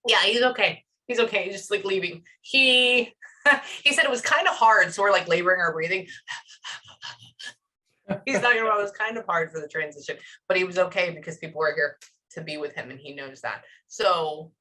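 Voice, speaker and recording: A woman's voice: lowish voice, a little fast, bright, forceful tone. A woman working as a psychic medium, relaying messages in a chatty, emotional reading session full of fillers.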